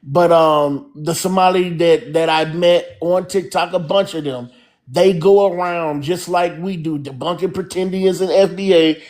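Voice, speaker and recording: High-pitched guy hosting a stream panel, earnest, rambles a bit. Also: steady tone, unhurried, darkish tone. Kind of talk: live-stream panel chat.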